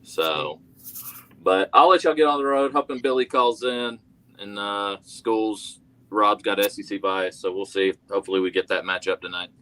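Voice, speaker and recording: A man's voice: fairly low pitch, moderate pace, fairly bright tone, rough recording. A man talking college football as a guest, talkative and correcting himself as he goes. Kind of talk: casual sports talk.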